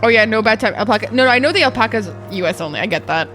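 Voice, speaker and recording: A woman streaming a game, chatting casually with viewers, excitable and swearing a lot. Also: on the high side, racing. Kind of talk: casual live-stream chat. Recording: faint music behind.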